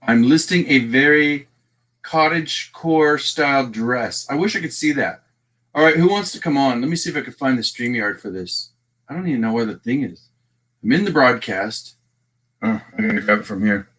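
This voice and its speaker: Bright-voiced Texan man hosting a livestream. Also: mid-range voice, lively intonation, moderate pace. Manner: chatty, reads out and greets viewers by name. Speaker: livestream host. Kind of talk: casual livestream chat.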